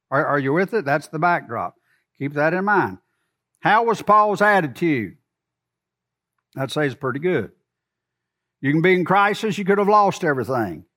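A man with a high voice, preaching a sermon. He drives his points home with loud emphasis, then drops to soft, low asides, and keeps asking the congregation questions. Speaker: pastor.

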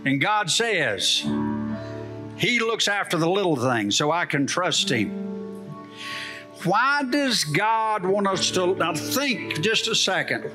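A middle-aged male pastor preaching a sermon, telling a story and asking the congregation rhetorical questions. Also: high-pitched.

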